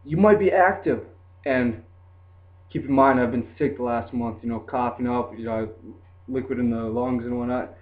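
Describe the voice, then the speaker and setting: On a tinny, lo-fi recording that sounds like a phone, a young man with a mid-range voice rambles through a story at a moderate pace. His delivery is flat and laid-back, and he keeps dropping fillers like "like" and "dude."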